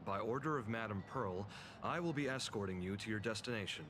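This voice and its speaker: An actor playing a polite, formal male escort in a game, speaking with measured courtesy. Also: on the low side, noisy background, lightly acted. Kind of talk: game voice acting. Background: game music.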